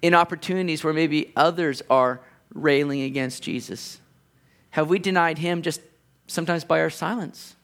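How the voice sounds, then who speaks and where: Earnest man preaching, slightly high voice. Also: moderate pace, fairly bright tone. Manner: earnest, conversational, with playful asides. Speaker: pastor. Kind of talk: sermon.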